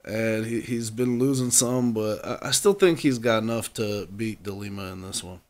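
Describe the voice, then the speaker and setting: Animated man, casual podcast co-host. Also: lowish voice, normal speed. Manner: animated, laughs often. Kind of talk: casual chat.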